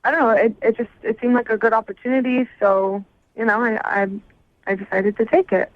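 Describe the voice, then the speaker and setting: A woman calling in to a radio show, hesitant at first and sharp when pushed. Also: a little high, steady tone, brisk, no echo. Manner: hesitant, then sharp and indignant. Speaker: caller. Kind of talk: phone call on a radio show. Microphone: telephone. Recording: muffled phone line.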